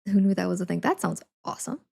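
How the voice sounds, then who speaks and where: A woman's voice: mid-range voice, lively intonation, fast talker, vocal fry, a little mellow, breathy edge. A woman chatting casually on a live stream, giggling often as she answers her viewers. She talks from home while packing things up. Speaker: livestreamer.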